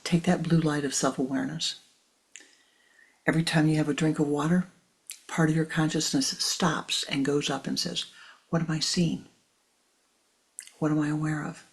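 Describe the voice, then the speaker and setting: A woman spiritual teacher giving a slow guided teaching in a soft, measured voice that often drops to a hushed whisper. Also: low-pitched, steady tone, creaky, slightly rough.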